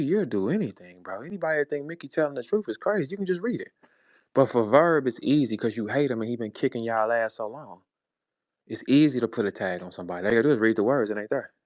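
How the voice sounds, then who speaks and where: With a medium, slightly mellow voice and no room sound, this St. Louis man in his forties hosts his own show. As a battle rap figure, he delivers a fiery, foul-mouthed, ridiculing monologue.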